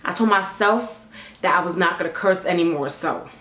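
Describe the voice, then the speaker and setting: A young woman telling a casual storytime vlog in a sassy, blunt and animated way, recorded on a camera mic in an indoor room. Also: lowish voice, moderate pace. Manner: sassy, animated and blunt, swinging into a loud put-on diva voice. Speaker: vlogger. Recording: echoey room with faint music.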